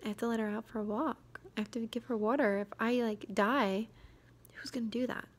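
A young woman vlogging in a quiet, hesitant way, tired and drained, with many fillers and sudden drops into a whisper. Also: a little high, steady tone, fairly quick. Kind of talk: confessional vlog.

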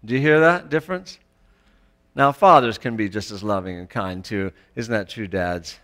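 A man's voice: medium pitch, lively intonation, normal speed, pushed and bright. A man preaching a sermon in a conversational way, often putting rhetorical questions to the congregation and restarting his sentences with small stammers. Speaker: pastor.

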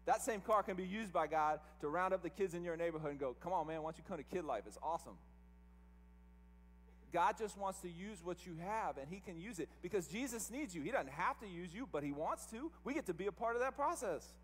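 A man preaching a sermon as pastor, animated, acting out quoted voices to tell the story. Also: high voice, a little fast, few pauses, in a large hall. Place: church sanctuary.

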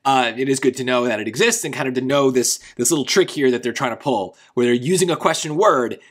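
A man's voice: medium pitch, fast, fairly bright tone. A man tutoring for a test, explaining a grammar question in a loose, conversational way, often checking in with "right?". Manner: conversational, rephrases often, asks "right?" for agreement. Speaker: SAT tutor.

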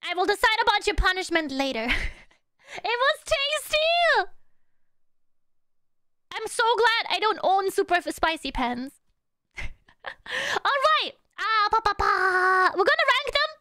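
Super high bouncy woman streamer voice, swoops all over, playful and teasing. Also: sing-song, unhurried, pushed and bright, no room sound, studio quality. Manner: playful, hums little "da da da" tunes between thoughts; teasing, giggly with her chat. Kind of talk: casual live-stream chat.

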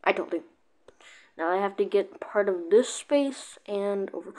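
A woman giving casual, excitable gameplay commentary, often breaking off mid-sentence to react. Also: mid-range voice, measured pace. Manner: excitable, keeps cutting herself off with "wait". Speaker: gaming video creator.

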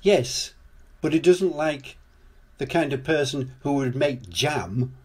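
An older man voicing a cheerful, friendly male builder in a children's storybook, brisk and encouraging. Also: a little high, animated, darkish tone, slightly rough, full character voice.

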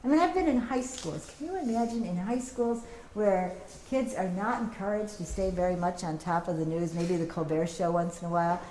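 A middle-aged woman giving a teach-in as an activist, telling lively anecdotes and acting out the voices of people she quotes. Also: lowish voice, a little fast. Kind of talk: public talk with storytelling. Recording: echoey room, faint background noise.

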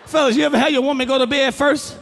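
A middle-aged male stand-up comedian on stage, loud and profane, breaking into shouted bits. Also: very high voice, fairly even intonation, quick pace, vocal fry, in a large hall, slight background noise. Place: comedy stage before a live audience.

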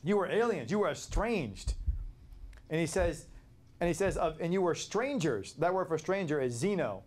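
Animated man teaching a Bible study. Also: moderate pace. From Florida, USA. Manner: animated, conversational, with rhetorical questions and emphatic pitch jumps; repeats and restarts words while thinking.

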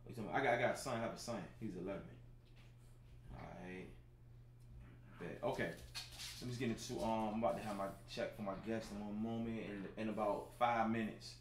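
A man's voice: on the low side, fairly even intonation, brisk. A man in his thirties hosting a casual livestream from home, talking loosely to his viewers with lots of filler phrases. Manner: laid-back, talks straight to chat viewers, lots of filler phrases. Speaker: livestream show host. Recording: roomy sound with faint background noise.

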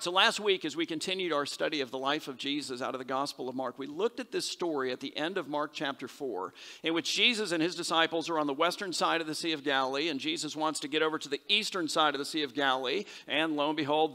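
Animated man preaching in a reverberant church. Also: on the high side. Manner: conversational and animated, acts out quoted voices. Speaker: pastor. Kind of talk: sermon. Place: church sanctuary. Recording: long hall reverb.

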